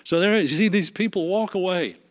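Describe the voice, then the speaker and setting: A man's voice: high-pitched, brisk. A man leading a Bible study, reading scripture aloud earnestly, with frequent fillers and restarts. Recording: long hall reverb.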